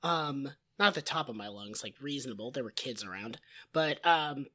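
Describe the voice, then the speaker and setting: A man with a husky, raspy, hoarse voice that is blown out, co-hosting a podcast in casual chat and telling stories with a rambling, self-mocking manner. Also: medium pitch, lively intonation, normal speed, pushed and bright. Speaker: podcast co-host.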